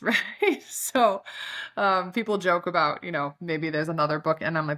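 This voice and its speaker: A woman's voice: deep voice, steady tone, moderate pace, fairly bright tone. A woman with a Chicago accent, a podcast guest talking candidly and with self-deprecating humor, with many fillers. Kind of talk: casual interview chat.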